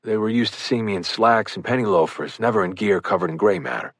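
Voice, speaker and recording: A man narrating a firefighter's first-person account for an audiobook, measured and earnest. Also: on the low side, no room sound, studio quality.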